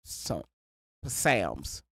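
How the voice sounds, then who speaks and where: A man hosting a live reaction stream, chatting casually, stammering and repeating words, and swinging from low mutters to loud exclamations. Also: very animated, very slow, vocal fry, breathy edge, no echo, studio quality.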